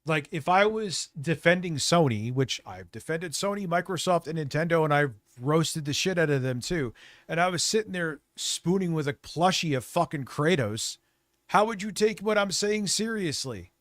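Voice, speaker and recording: A man livestreams in a heated, profane rant, defending himself as he goes. His voice is gravelly with a cold, and the sound is dry and close. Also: on the high side, animated, normal speed, a bit bright, no echo. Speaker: streamer reacting to videos.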